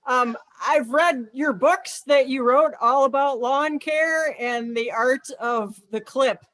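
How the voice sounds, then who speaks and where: A woman's voice: high-pitched, slow pace, fairly bright tone, dry recording. A woman improvising an eager, earnest new lawn worker. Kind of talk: improv comedy scene.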